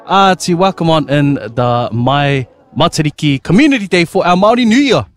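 A man's voice: a little high, animated, normal speed, background noise. A man hosting a live radio cross from an outdoor community event, upbeat and joking. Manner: upbeat, joking, talks with his mouth full. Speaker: radio host.

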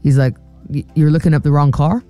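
A woman's voice: low voice, fairly even intonation, a little fast, mellow, faint music behind. A woman, co-hosting a radio show and telling a story with acted-out quotes. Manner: chatty storyteller, acts out quotes. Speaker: radio co-host. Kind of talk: casual radio chat.

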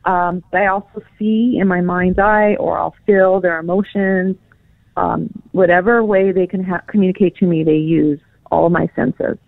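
A woman's voice: lowish voice, fairly even intonation, normal speed, gravelly, no room sound. A woman from California, a guest on the phone, chatting casually with many fillers and easy laughs. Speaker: pet psychic guest. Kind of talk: casual interview chat. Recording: tinny phone line.

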